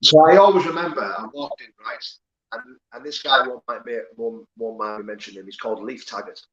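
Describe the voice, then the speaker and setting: A man's voice: mid-range voice, fairly quick, dull audio, a crowd in the background. A man, candidly telling his life story as an interview guest, swearing and rambling with many fillers. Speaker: guest, former prisoner turned pro fighter.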